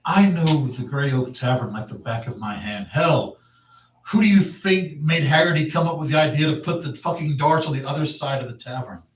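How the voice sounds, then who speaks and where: A man's voice: mid-range voice, measured pace, fairly bright tone, close to an everyday voice. A man voicing a scrappy halfling man just back from a coma, emotional and foul-mouthed, recorded far off in an echoey room. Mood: cocky.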